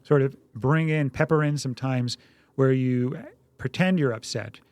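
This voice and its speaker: A middle-aged man co-hosting a parenting podcast, casually giving advice and acting out what a parent might say in lively quoted voices. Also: mid-range voice, a little slow, dry recording. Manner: acts out parent dialogue in animated quoted voices. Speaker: podcast co-host, doctor.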